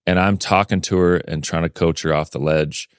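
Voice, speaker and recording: A man as a podcast guest, telling a personal story in a lively way and acting out the things people said. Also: low-pitched, moderate pace, smooth, no room sound, clean studio sound. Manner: lively storyteller who acts out remembered dialogue.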